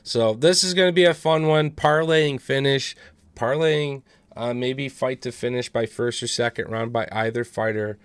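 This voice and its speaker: A man's voice: mid-range voice, moderate pace, smooth, no room sound. A man co-hosting a podcast, giving casual, profane fight picks in a laid-back way. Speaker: podcast co-host.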